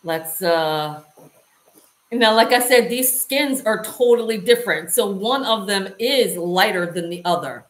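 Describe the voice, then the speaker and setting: Slow-talking woman vlogger in an echoey room. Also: medium pitch, expressive. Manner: chatty, talks to viewers while working. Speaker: lifestyle vlogger. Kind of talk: casual how-to demonstration. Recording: roomy echo.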